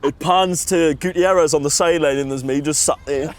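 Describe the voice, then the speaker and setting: A man's voice: on the high side, a little fast. A young man from Newcastle with a Geordie accent, chatting casually and laughing easily with a stranger on a bench outdoors. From Newcastle, England. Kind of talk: casual chat. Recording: faint outdoor noise.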